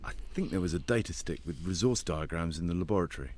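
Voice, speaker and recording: A man voicing a dry, wry astronaut with a deep voice. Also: fast, darkish tone, lightly acted.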